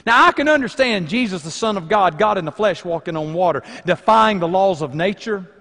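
High-voiced male pastor preaching. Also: animated, fairly quick, gravelly, in a large hall. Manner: dynamic preaching, swinging between loud emphasis and hushed lines. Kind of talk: sermon. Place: church sanctuary.

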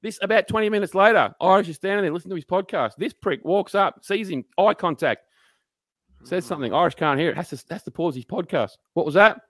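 An Australian man with a somewhat high voice tells stories in a loose, swearing, animated way, slipping into quick impressions of the people he's describing. The sound is very dry and close, with no room around it. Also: dry recording. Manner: swearing, animated mimicry of coworkers. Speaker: podcast co-host. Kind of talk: casual storytelling chat.

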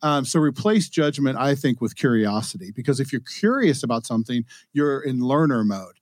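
A man's voice: mid-range voice, expressive, moderate pace, few pauses, no room sound. A man hosting a podcast, who talks in an earnest, chatty way and often checks in with "right?" or "you know?". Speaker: podcast host. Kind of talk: conversational interview.

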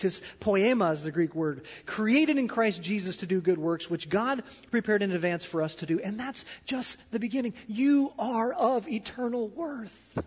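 High-voiced man preaching in a reverberant hall. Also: slightly rough. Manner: emphatic preaching, swinging between loud declarations and hushed asides. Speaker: pastor. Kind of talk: sermon. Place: church sanctuary. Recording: dull sound with long hall reverb.

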